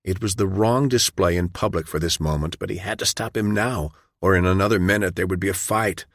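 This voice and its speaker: A man narrating an audiobook in a measured, even storytelling way. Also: low voice, no room sound, studio quality. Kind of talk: scripted narration.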